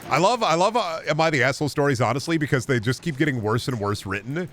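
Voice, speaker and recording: A man's voice: medium pitch, lively intonation, quick pace, a bit bright. A young adult man chatting casually on a gaming livestream, rambling and joking with lots of swearing. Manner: rambling, profane, jokey. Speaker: gaming streamer.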